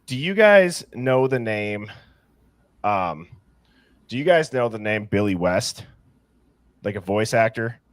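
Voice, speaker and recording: A man's voice: fairly low pitch, very animated, takes it slowly, long pauses, no echo. A man hosting a livestream, greeting viewers by name and reading their comments in a casual, upbeat way. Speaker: livestream host.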